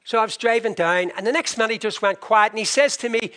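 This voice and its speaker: Older preacher, high bright voice. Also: male voice. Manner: impassioned, slows for emphasis, swings loud to soft. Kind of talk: sermon.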